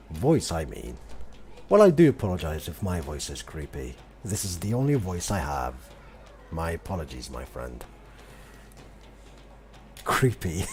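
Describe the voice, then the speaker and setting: A man's voice: sits low, dark tone. A man doing casual live gameplay commentary, chatty and greeting his viewers by name. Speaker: game streamer.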